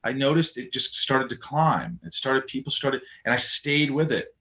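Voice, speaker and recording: A man speaking as a guest on a podcast, spinning an animated story at a middling pitch. He slips into quick impressions of the people he quotes, then drops back into his easy conversational tone. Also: reverberant. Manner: animated, acts out quoted voices.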